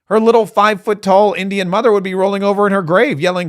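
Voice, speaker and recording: Casting: male live-stream host, sarcastic and excitable, a bit higher-pitched. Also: quick pace, hardly any pauses. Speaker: political commentator host. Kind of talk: live reaction commentary.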